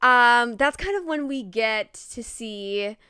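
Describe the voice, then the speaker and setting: A woman's voice: a little high, expressive, slow, bright, forceful tone, smooth, no room sound, clean studio sound. A young woman co-hosting a podcast, chatting casually and animatedly about a movie, laughing and swearing casually. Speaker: podcast co-host. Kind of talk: casual chat.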